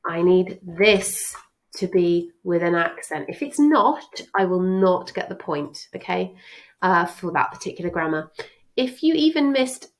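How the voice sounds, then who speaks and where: A woman's voice: lowish voice, animated, unhurried, low-quality recording. A woman French teacher giving a chatty, reassuring exam revision lesson.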